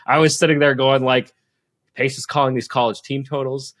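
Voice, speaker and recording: Dude cohosting, mid voice, hyped and supportive, swears a lot, dry sound. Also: male voice, medium pitch, little pitch movement, moderate pace, fairly bright tone, no room sound. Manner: enthusiastic, supportive interjections, swears freely. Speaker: podcast co-host. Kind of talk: casual chat.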